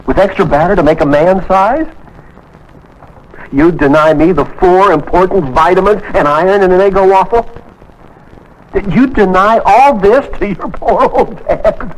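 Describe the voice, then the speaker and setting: An actor playing a wheedling middle-aged dad in an old TV commercial. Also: male voice, high-pitched, unhurried, lo-fi sound. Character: pleading middle-aged dad wanting a waffle.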